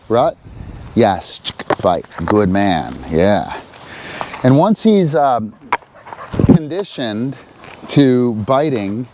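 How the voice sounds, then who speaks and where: A man's voice: medium pitch, noisy background. A man explaining dog training step by step while giving his dog short cues and praise. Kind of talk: hands-on training demonstration.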